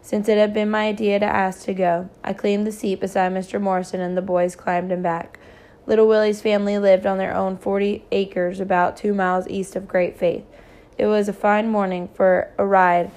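A woman reads a novel aloud, chapter by chapter. Her delivery is steady and flat, with little rise or fall. Her pitch sits in a middle range. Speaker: reader.

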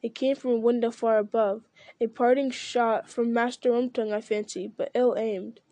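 A stern old male wizard who commands rather than asks, as a woman reads him aloud. His voice sits fairly high and stays flat and mellow. The sound is dry and close, like a storybook read at home. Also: no echo, close to an everyday voice. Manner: stern, measured reading.

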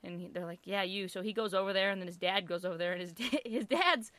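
A woman casually telling a family story, animated and full of fillers, with bursts of swearing. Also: mid-range voice, fast, no echo. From Italian-American family. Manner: animated, lots of fillers, swears, acts out quotes loudly.

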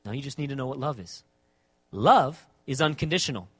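A man preaching a sermon as pastor, asking the congregation rhetorical questions and swinging between quiet and emphatic delivery. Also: medium pitch, expressive, fairly quick, dry recording.

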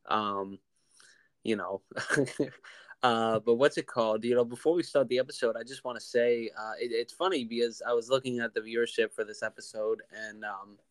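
A young man in his twenties co-hosting a podcast over a remote call, chatting in a relaxed, rambling way with lots of fillers. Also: medium pitch, moderate pace, no echo. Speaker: podcast co-host. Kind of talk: casual chat.

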